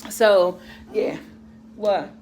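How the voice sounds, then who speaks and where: A woman's voice: mid-range voice, steady tone, extremely slow, darkish tone, a little hiss or hum. A middle-aged woman vlogger and mother, chatting casually and rambling to her viewers about their comments, laughing often.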